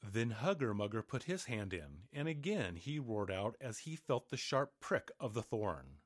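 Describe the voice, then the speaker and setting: Lively man reading a storybook. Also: on the low side, measured pace, dry recording, clean studio sound. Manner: expressive, animated. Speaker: narrator.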